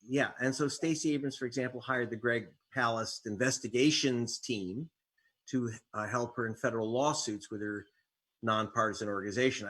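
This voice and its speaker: Being interviewed as a guest, an investigative reporter and author speaks in a bright, forceful, medium-pitched voice with a breathy edge. He tells his stories wryly and throws in sarcastic jabs.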